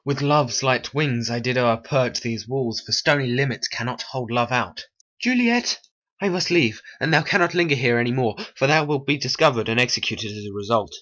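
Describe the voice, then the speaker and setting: A man's voice: medium pitch, normal speed, fairly bright tone, lo-fi sound, natural voice. A man voicing an earnest young romantic man in a homemade stop-motion animation.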